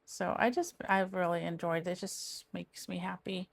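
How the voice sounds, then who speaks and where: A woman's voice: fairly low pitch, fairly even intonation, normal speed, creaky, a little hiss or hum. Chatty middle-aged woman. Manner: rambling, chatty, trails off and restarts. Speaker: crafting vlogger. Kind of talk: casual chat while diamond painting.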